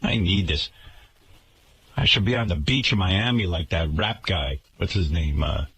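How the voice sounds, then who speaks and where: A man's voice: expressive, measured pace, fairly bright tone, slightly rough. A man hosting a radio show, ranting indignantly and sarcastically about the management of his workplace. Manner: indignant, sarcastic, swinging pitch. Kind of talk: ranting talk radio monologue. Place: radio studio.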